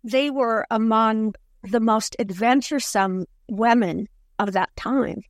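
Woman author guest, slightly high voice, slow and earnest, dry close sound. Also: no room sound. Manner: earnest, measured storytelling. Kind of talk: podcast interview.

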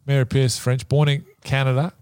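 A man's voice: mid-range voice, level tone, normal speed, darkish tone, clean tone, dry recording, clean studio sound. A man hosting a casual podcast quiz, bantering and laughing with his guests. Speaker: quiz host.

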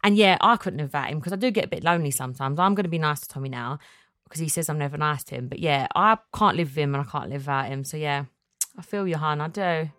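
Chatty mum hosting a podcast. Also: female voice, low voice, quick pace. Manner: chatty, animated, laughs often. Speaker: podcast host. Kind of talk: casual chat, reading listener messages.

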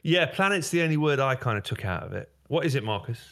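A man's voice: mid-range voice, sing-song, fast talker, gravelly, a bit bright. A man hosting a comedy podcast, talking in a playful, teasing way. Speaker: podcast host. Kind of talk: casual comedic chat.

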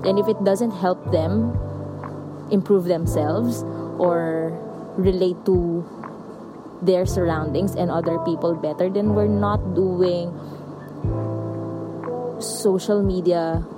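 A woman's voice: fairly low pitch, steady tone, slow, long pauses, over music, low-quality recording. A Filipino woman co-hosting a podcast, talking earnestly and slipping between English and Tagalog. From Philippines. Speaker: podcast co-host. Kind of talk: reflective podcast talk.

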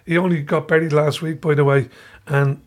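A man with a Dublin accent telling lively stories in casual chat, laughing through his anecdotes. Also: on the high side, moderate pace. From Dublin, Ireland. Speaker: guest storyteller.

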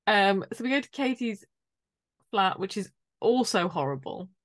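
A woman's voice: mid-range voice, expressive, normal speed, no echo, studio quality. A woman co-hosting a casual podcast chat, swearing freely and acting out the people she talks about. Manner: swearing, mimics people in quotes, laughs often. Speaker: podcast co-host.

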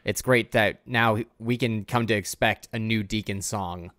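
A man's voice: fairly low pitch, steady tone, measured pace, a bit bright, no room sound. A tired man co-hosting a podcast, rambling through a casual music discussion with lots of filler words. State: tired, yawning. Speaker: podcast co-host.

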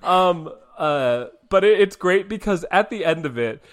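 A man with a fairly high, lively voice recaps a TV episode on a podcast. He laughs often and hesitates through fillers as he talks. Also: unhurried. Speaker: podcast co-host. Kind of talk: casual recap chat.

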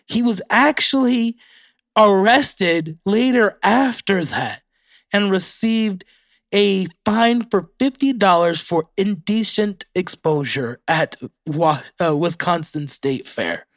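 A man's voice: high-pitched, lively intonation, takes it slowly, fairly bright tone, dry recording, clean studio sound. Profane young man chatting solo on his podcast. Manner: profane, reacts aloud while reading facts. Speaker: podcast host. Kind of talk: casual solo podcast chat.

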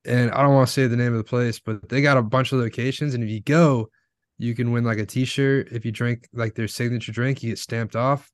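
A man's voice: medium pitch, fairly even intonation, brisk, dry recording, clean studio sound. A man chatting casually, rambling storyteller with lots of filler words. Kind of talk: casual chat.

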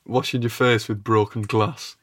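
A man's voice: on the low side, steady tone, normal speed, a bit bright. A man co-hosting a casual comedy podcast chat, laughing often and teasing his friend. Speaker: podcast co-host.

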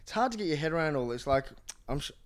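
A young man who works as a stand-up comedian, speaking as a guest in a relaxed interview. He talks very fast and with lots of energy, often restarting sentences and piling on fillers. His voice sits a little high for a man. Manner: fast, animated, many restarts and "like"s. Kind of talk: casual conversational interview.

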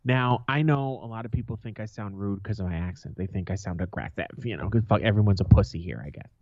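Here a man co-hosts a podcast, spinning stories in a casual chat with a blunt, aggressive, foul-mouthed style. He speaks quickly in a lowish, darkish voice; the audio is dry of room sound but slightly dull and lo-fi.

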